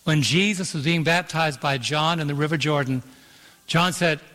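A man preaching a sermon as pastor, emphatic, slowing down for scripture and calling for "Amen" from the congregation. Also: fairly high pitch, sharp tone. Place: church auditorium. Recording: long hall reverb in an auditorium.

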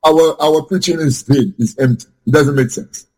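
A man's voice: a little high, moderate pace, darkish tone. A man taking part in a Bible study discussion, explaining a point with many restarts and repeated words. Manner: hesitant, repeats words while searching for phrasing.

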